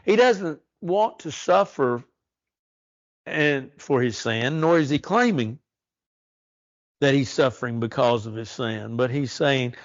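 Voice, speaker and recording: A man teaching a church Bible study, earnest and slow on the verses he stresses. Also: mid-range voice, animated, dry recording, dull audio. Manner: earnest, reads verses slowly and emphatically.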